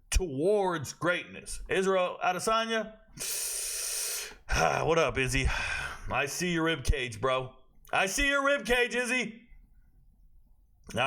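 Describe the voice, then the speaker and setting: A young man hosting a fight prediction talk, brash and animated, full of slang and trash talk. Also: sits high. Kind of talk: casual sports commentary.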